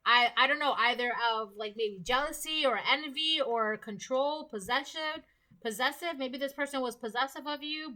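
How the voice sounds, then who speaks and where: Bright-voiced woman giving a tarot reading. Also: fairly high pitch. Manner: earnest, repetitive, punctuates with "all right?" and "okay?". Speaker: tarot reader. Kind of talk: casual spoken tarot reading to viewers.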